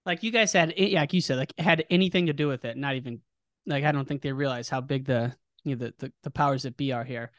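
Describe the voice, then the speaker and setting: A man hosting a casual interview, eager and chatty, sometimes thinking out loud. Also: medium pitch, fast talker, no room sound, clean studio sound. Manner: eager, cheering, thinks aloud. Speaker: interviewer, host.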